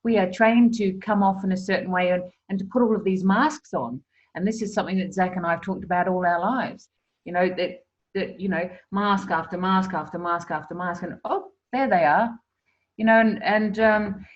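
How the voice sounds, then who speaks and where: A woman's voice: medium pitch, moderate pace. A woman guest, a therapist, talking in a reflective, earnest way in casual conversation. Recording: muffled lo-fi audio.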